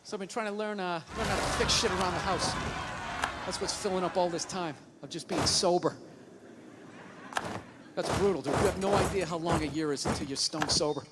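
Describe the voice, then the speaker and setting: Loud background noise surrounds a stand-up comedian whose voice sits high and whose delivery is brisk. He rants profanely, playing out heated arguments in a range of voices.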